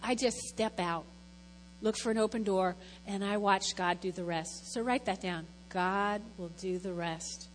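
A woman's voice: mid-range voice, moderate pace, in a large hall, soft background music, rough recording. A woman, a lay speaker, giving a chatty, rambling, self-deprecating testimony talk at church.

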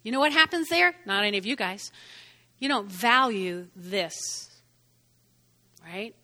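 A woman's voice: mid-range voice, expressive, unhurried, sharp tone, in a large hall. A woman preaching a conversational sermon, checking in with the congregation often.

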